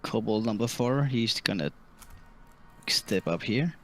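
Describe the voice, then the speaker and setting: A man running a tabletop game as dungeon master, narrating enemy moves in a relaxed, laughing, somewhat halting way. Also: on the low side, faint music behind. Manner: relaxed, laughing, often hesitant.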